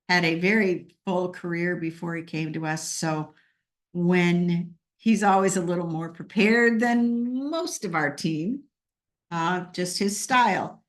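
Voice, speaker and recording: A woman hosting a casual team talk, chatty and joking, with frequent fillers. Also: lowish voice. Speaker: host. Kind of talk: casual team meeting chat.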